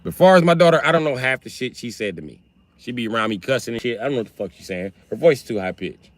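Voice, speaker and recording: A man hosting a livestream, talking in a casual, profane and animated way as he tells stories. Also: medium pitch, fast, dry recording. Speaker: livestream host.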